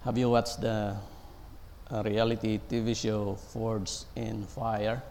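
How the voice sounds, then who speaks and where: A man preaching a sermon, speaking slowly and haltingly with many fillers and pauses. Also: on the low side, flat delivery, gravelly, darkish tone, long reverb tail, a little hiss or hum.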